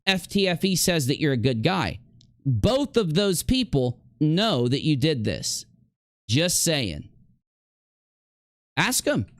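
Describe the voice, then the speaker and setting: Angry streamer guy calling someone out, dry close sound, bouncy pitch. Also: big pitch swings, takes it slowly, long pauses, no room sound. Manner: heated, confrontational, addressing a rival directly. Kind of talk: livestream rant.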